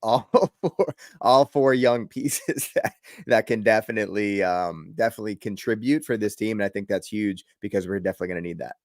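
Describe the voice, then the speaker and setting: A man's voice: lowish voice, fairly quick, dry recording, studio quality. A young man from the Boston area, co-hosting a casual sports chat in a rambling, laughing way. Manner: relaxed, rambling, laughs often. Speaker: podcast co-host.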